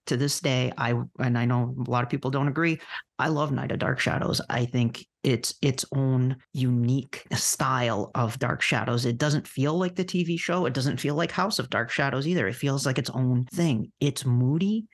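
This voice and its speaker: A man's voice: medium pitch, moderate pace. A man hosting a fan podcast, asking questions in an enthusiastic, casual way. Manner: enthusiastic fan, laughs often. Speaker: podcast host. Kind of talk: casual interview chat.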